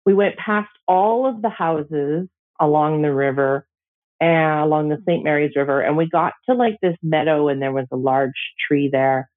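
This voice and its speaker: A middle-aged woman, a Métis elder, slowly and gently telling a personal story with emotional pauses. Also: deep voice. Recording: tinny phone-like audio.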